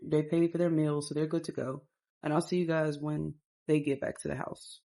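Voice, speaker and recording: Brief: rambling casual game narrator, woman, lowish warm voice. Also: little pitch movement, normal speed, gravelly. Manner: rambling, storytelling.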